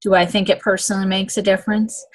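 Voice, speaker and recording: This woman talks fast with a flat delivery at medium pitch while casually demonstrating nail application. Her chatty instructions go step by step, punctuated by frequent "okay?" check-ins.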